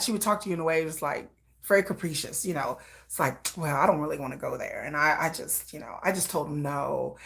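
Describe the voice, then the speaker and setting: A woman's voice: mid-range voice, a bit bright. Chatty woman telling a rambling story. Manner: rambling, laughs often, acts out quoted voices. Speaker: livestream host. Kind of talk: casual storytelling chat.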